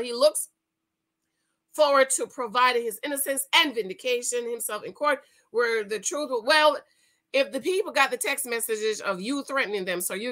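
A middle-aged YouTube commentary host reads news aloud and reacts indignantly, addressing her viewers directly. Her voice is fairly high and sharp, and the audio quality is poor.

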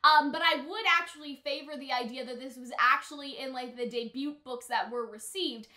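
A high, bright-voiced woman rambles through an anime reaction in a chatty, filler-heavy way. Her talk is loose and casual, and the room gives it a noticeable echo. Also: fairly quick. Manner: chatty, rambling, filler-heavy with frequent "like" and "you know what I mean". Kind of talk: casual chat. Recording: echoey room.

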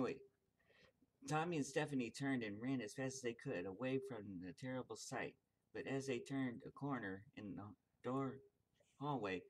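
A young man casually reading a children's picture book aloud and chuckling along with the story. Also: mid-range voice. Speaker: reader.

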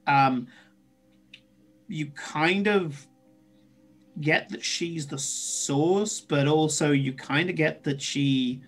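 A man's voice: a little high, slow, pauses often, fairly bright tone, faint music behind. A man running a tabletop game as game master, in a casual, chatty way with many fillers.

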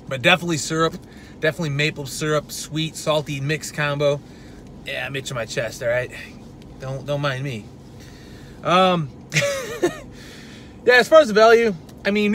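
A supplement reviewer delivers a brash, loose, profane product review in a fairly high, somewhat bright voice. There's a little background noise in the recording.

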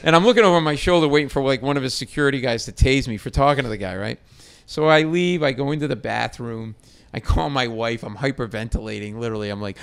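A middle-aged man, a comedian, telling a story on a talk show. He is animated and acts out the voices in his story with loud bursts. His speech is casual and quick to shift. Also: mid-range voice, creaky, clear, resonant tone. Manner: animated, acts out quotes loudly. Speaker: comedian guest. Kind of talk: storytelling chat.

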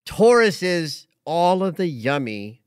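A man hosting a relaxed astrology conversation, speaking with a somewhat high voice and a very lively melody. He gets emotional and often restarts mid-sentence. The sound is dry and close. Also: takes it slowly, clear, resonant tone, no echo. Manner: animated and emotional, with frequent restarts. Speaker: astrologer host. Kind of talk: casual spiritual chat.

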